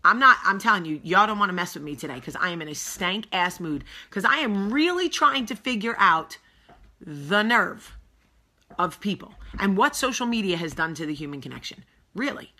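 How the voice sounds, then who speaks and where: A middle-aged woman hosting a casual vlog, telling a story in a blunt, animated, sassy way. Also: mid-range voice, moderate pace. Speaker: host.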